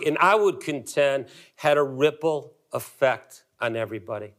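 A man in his fifties, a pastor delivering a sermon emphatically, with dramatic pauses and repetitions. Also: medium pitch, a bit bright.

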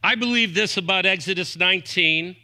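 A man in his fifties preaching a sermon as pastor, emphatic, moving between raised points and soft asides, quoting scripture references. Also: sits high, brisk. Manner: often quotes scripture references aloud.

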